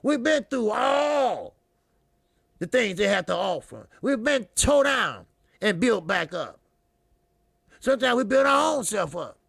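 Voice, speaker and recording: A man with a high voice and a heavy gravelly fry rants about boxing as a channel host. He is profane, repeats himself, and mocks as he goes. The sound is dry and close. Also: very animated, a little slow, long pauses, fairly bright tone, no room sound. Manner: profane, repetitive, mocking, fiery. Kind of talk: heated commentary monologue.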